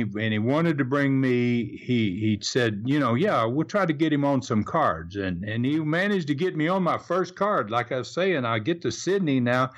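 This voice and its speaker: An older man with a Southern US accent reminisces about his past in a relaxed interview. His voice sits at an ordinary middle pitch, and he rambles along, often restarting his sentences as he spins his stories. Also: muffled recording. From Southern United States. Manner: rambling storyteller with repeated restarts. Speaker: retired wrestler guest.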